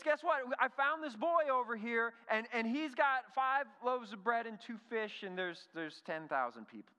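A man voicing an eager male disciple who quickly backs down and apologizes sheepishly. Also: very high-pitched, smooth, pitched above the performer's own voice, exaggerated voice. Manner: excited, then backpedaling apologetically. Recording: reverberant hall.

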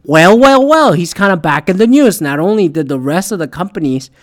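A man hosting a podcast, rambling in a casual monologue and swearing a lot, jumping between loud outbursts and mumbled asides. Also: high-pitched, lively intonation, fairly quick. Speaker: podcast host.

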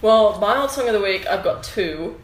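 Brief: female podcast co-host, mid-pitched, blunt and sardonic, roomy echo around her. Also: lively intonation, normal speed. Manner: blunt, sarcastic, swears freely. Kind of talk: casual chat.

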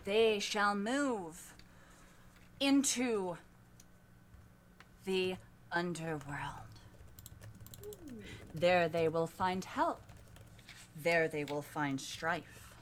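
A woman doing a hushed, solemn naiad oracle. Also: fairly low pitch, slight background noise, voice pushed down. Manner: slow, hushed, half-whispered intoning.

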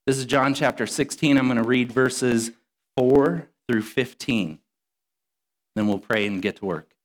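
A man's voice: medium pitch, measured pace. A man preaching and reading scripture to his congregation, his voice stuffy from a cold. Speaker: pastor.

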